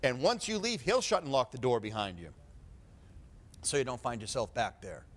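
A male preacher delivering a fervent sermon full of rhetorical questions, swinging between quiet talk and loud preaching. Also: medium pitch, huge pitch swings, normal speed.

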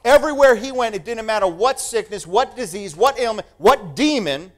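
A male preacher delivering a sermon, emphatic and animated, repeating phrases for effect. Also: high-pitched, normal speed.

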